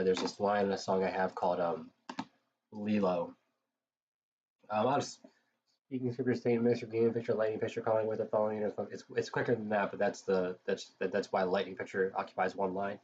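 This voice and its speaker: Tired, low-voiced man rambling on stream. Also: a little mellow. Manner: drowsy, profane, rambling with many fillers. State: tired, with a cold. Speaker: live streamer. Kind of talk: casual rambling stream chat. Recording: dull lo-fi mic with faint noise.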